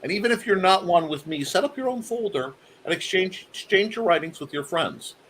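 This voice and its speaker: Lively bright-voiced man hosting a chat. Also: sits high, brisk, slight background noise. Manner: animated, laughing, frequent fillers and restarts. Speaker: host. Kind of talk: casual chat.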